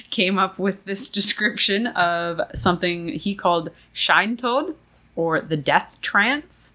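A woman's voice: on the low side, sharp tone. A woman hosting a casual podcast, explaining a story in a chatty, conversational way. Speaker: podcast host.

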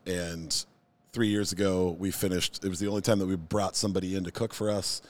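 A man in his forties telling a story in a relaxed, casual chat. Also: sits low, fairly quick. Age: 40s.

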